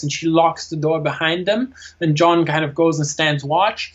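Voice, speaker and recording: A man hosting a casual film discussion, retelling scenes with animated energy and acting out the lines. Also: a little high, normal speed, hardly any pauses. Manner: animated retelling, acts out quotes. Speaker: film reviewer and host. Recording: dull lo-fi sound.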